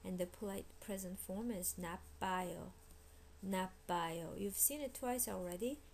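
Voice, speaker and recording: A woman teaching a language lesson, explaining grammar and repeating each word slowly so learners can copy it. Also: medium pitch, gravelly, darkish tone, a little hiss or hum. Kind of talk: recorded vocabulary lesson.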